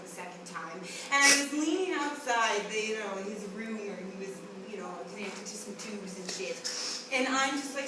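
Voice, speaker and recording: A woman delivering a profane comic monologue, blunt and wry. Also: a little high. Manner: blunt, heavy swearing, wry. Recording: echoey room from a distance, noisy.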